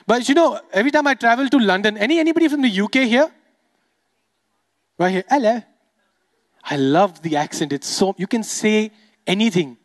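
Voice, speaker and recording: A young adult man from Dubai performing a stand-up comedy set, chatting quickly and playfully with the crowd. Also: high-pitched, expressive.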